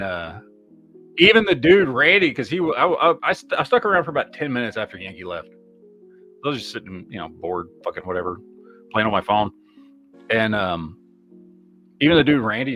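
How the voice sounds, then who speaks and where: A man hosting a podcast, rambling in casual chat, swearing heavily and reacting to viewer comments. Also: medium pitch. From Michigan, USA. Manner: heavy swearing, rambling, animated. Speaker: podcast host.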